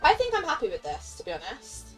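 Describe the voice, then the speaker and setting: A woman's voice: sits high, huge pitch swings, quick pace, soft background music, poor audio. A young woman streaming a game, chatting casually with viewers, laughing often and briefly slipping into playful character voices. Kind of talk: casual live-stream chat.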